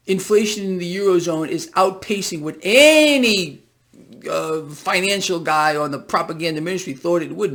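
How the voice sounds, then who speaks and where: A man's voice: sits high, animated, normal speed, a bit bright. A man with a runny nose giving emphatic, repetitive market commentary to his viewers in a casual vlog. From United States. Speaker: financial video blogger.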